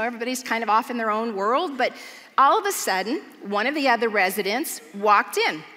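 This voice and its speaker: Woman pastor, high bright voice, storytelling sermon, long church reverb. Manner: storytelling, humorous and earnest. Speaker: church speaker. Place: large church auditorium.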